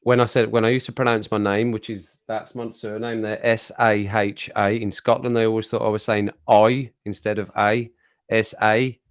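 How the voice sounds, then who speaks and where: A man's voice: on the low side, flat delivery, normal speed, smooth, no echo, clean studio sound. A man hosting a livestream, chatting casually, reading the chat aloud and laughing often. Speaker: livestream host.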